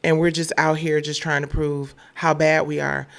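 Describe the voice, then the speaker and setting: Gravelly-voiced woman hosting blunt news talk. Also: sits low, level tone, moderate pace. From Detroit. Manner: blunt, irritated, profane. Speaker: show host. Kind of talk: casual news commentary.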